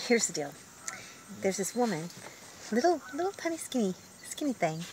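A woman van life vlogger outdoors at a lakeside campground, giving casual, wry commentary in a hushed, often half-whispered voice. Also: lowish voice, low-quality recording. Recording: outdoor noise with geese honking.

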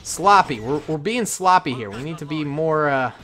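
A man hosting a gaming channel, giving casual commentary on a strategy game and reacting out loud to the action as he plans. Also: on the high side, normal speed, a little hiss or hum. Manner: excitable, reacts aloud to the action, casual slang; thinks aloud with fillers while planning.

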